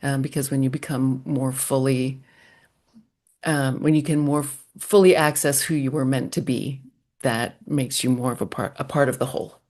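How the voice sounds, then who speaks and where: A middle-aged woman, a running coach, answering interview questions in a measured, thoughtful way. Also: extremely low pitch, steady tone, darkish tone.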